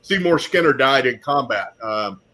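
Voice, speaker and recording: A man's voice: mid-range voice, lively intonation, normal speed, pushed and bright. A man moderating a casual panel discussion, musing aloud with frequent ums.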